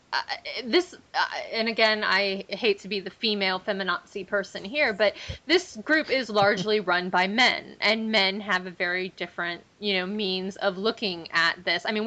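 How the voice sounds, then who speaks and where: A woman's voice: medium pitch, pushed and bright. A woman in casual podcast chat, outspoken and full of restarts.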